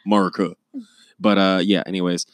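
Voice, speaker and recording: A man's voice: sits low, a little fast, dry recording. A young American man co-hosting a podcast in casual chat, rambling and joking at his own expense. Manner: rambling, joking, self-mocking. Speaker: podcast co-host.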